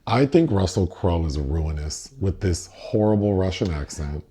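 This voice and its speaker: A man's voice: low-pitched, expressive, normal speed, warm tone. A man co-hosting a casual film review chat, retelling the plot with sardonic asides. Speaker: podcast co-host.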